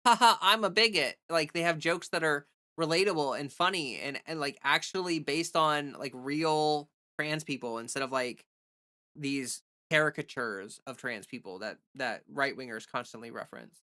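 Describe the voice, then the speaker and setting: A woman's voice: very deep voice, moderate pace, pushed and bright. A woman livestreamer in casual, rambling chat who thinks aloud and thanks viewers for donations.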